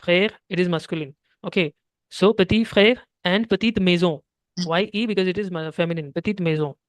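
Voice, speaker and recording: A man's voice: high-pitched, fairly quick, clear, resonant tone, dry recording. A young man with an Indian English accent teaching French one-on-one, patiently explaining step by step and slipping into Hindi. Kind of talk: one-on-one language lesson.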